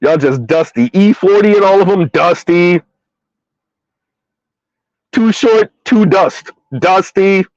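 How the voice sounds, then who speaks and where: Brief: middle-aged man, high voice, comic rant, dull dry lo-fi sound. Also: takes it slowly, long pauses, darkish tone, no room sound. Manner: repeats a punchline word with a high sing-song lift, laughing often. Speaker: commentary vlogger. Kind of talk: casual comedic rant.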